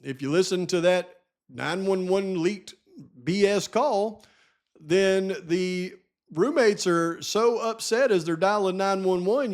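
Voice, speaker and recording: Host, man, high-pitched, exasperated and sarcastic, true crime commentary monologue. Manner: sarcastic, rhetorical questions, exasperated. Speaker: channel host.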